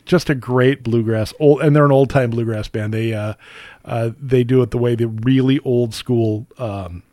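A man's voice: mid-range voice, fairly even intonation, moderate pace, mellow, no room sound, clean studio sound. A man hosting a local radio show, chatting casually about weekend events with plenty of fillers and restarts. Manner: rambling, many fillers and restarts. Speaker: radio host.

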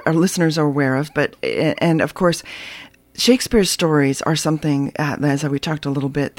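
Male radio host, higher voice, close dry sound; enthusiastic, rambling delivery. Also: no room sound. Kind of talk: casual radio interview.

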